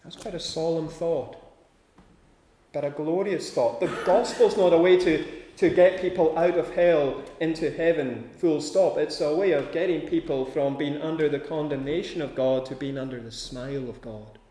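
A man's voice: on the high side, normal speed, mellow, roomy sound. A man preaching a sermon with a rhythmic delivery, building his points through emphatic repeated lists.

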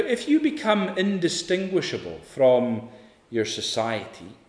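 A man preaching an evening sermon, emphatic, swinging from loud peaks to hushed lines. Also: medium pitch. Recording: echoey hall, long reverb.

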